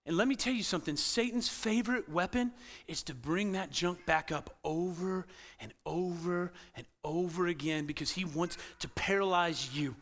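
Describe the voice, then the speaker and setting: A male pastor preaching a sermon in a church with a bright, cutting tone. His voice sits high for a man. He swings between loud emphatic bursts and hushed, intense passages. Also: moderate pace. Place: church sanctuary.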